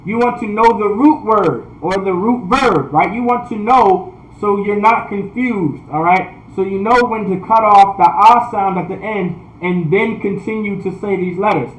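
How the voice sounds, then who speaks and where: A man teaching a language class online, repeating points, often asking "all right?", and sounding out words slowly. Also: sits high, echoey room, rough recording. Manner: repetitive, checks in with "all right?"; restarts sentences often. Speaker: priest.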